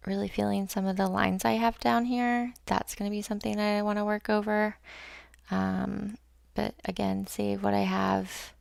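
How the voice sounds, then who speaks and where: A woman's voice: medium pitch, little pitch movement, moderate pace, creaky, darkish tone, no echo. A young woman chatting casually to herself and her viewers while painting on a livestream, rambling and swearing, often dropping into a whisper. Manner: rambling, self-talk, swears, drops to whispers. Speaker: streamer painting live.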